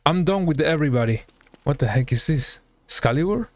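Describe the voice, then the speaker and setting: A young man streaming a survival game, commenting live, excitable, yelping and talking to the creatures on screen. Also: fairly high pitch, fairly quick. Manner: excitable, yelps and talks to the game. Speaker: gaming streamer.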